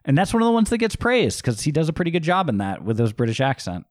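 A man's voice: fairly high pitch, very animated, fast talker, no room sound, clean studio sound. A man co-hosting a podcast, talking emphatically and casually about a movie. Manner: emphatic, conversational, frequent fillers. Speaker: podcast co-host. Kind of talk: casual movie review chat.

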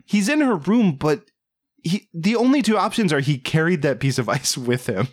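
A man co-hosting a casual movie review podcast, riffing with animated disbelief. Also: on the high side, normal speed. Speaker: podcast co-host.

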